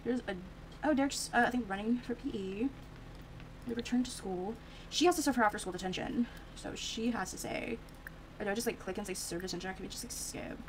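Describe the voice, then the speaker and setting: A young woman with a voice on the high side talks fairly quickly while playing The Sims, offering chatty, filler-packed commentary and reacting aloud. Background noise can be heard.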